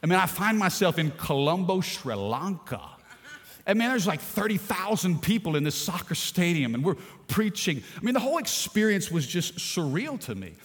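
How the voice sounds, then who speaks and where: A middle-aged man from Louisiana, preaching a sermon in a storytelling way that swings from hushed to shouting. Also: high voice, big pitch swings, moderate pace, husky, big-room sound. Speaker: pastor.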